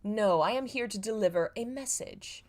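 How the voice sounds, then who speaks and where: A woman's voice: mid-range voice, moderate pace, pitched above the performer's own voice, close to an everyday voice. Woman reading as a sly murmuring demon man. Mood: sly calm. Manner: calm, smirking, softly murmured. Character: smooth sly demon spy, male, young adult. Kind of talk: reading own fanfiction aloud.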